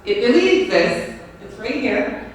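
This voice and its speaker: A woman's voice: a little high, very animated, unhurried, a little hiss or hum. A woman giving a classroom lecture on teaching and the brain, talking in a conversational way and often checking in with "right?" and "okay?". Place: lecture room at a school. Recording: very echoey room, mic far off.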